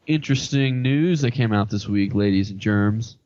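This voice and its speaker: A man's voice: on the low side, moderate pace, darkish tone, no room sound. A man co-hosting a gaming podcast, chatting casually with a joking, rambling, self-deprecating manner. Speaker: podcast co-host. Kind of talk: casual chat. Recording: dull lo-fi podcast audio.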